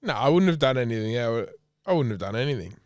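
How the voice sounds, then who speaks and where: Aussie lad chucking in quips on a podcast, bouncy pitch, smooth voice. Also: male voice, sing-song, very fast, no room sound, studio quality. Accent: Australian. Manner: blunt, sweary banter, jumps in with quips. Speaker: podcast co-host. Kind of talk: casual chat.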